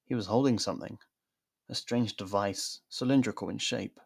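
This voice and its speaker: This narrator, a man with a low, gravelly, breathy-edged voice, reads a scripted fan science fiction drama at normal speed and takes on every role with lively voices, audiobook-style. The studio-quality recording has no room sound.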